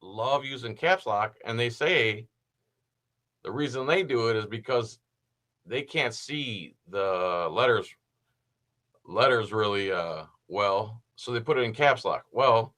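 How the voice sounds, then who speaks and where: A man with a bright, forward voice talks through a video in a loose, meandering way. He drops dry, sarcastic remarks as he goes, casual and unscripted. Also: mid-range voice, expressive, slow pace. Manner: rambling, sarcastic asides. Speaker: host.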